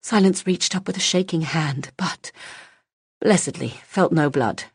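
A woman narrates a fantasy audiobook in a measured, even way. Her voice sits extremely low and has a husky grain, and the recording is dry and close. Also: no room sound.

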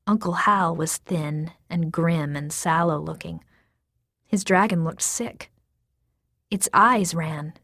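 A woman narrates a storybook in a soft, measured voice that now and then sinks to a whisper. Her voice sits somewhat low. The sound is dry and close, with no room echo. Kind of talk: storybook reading.

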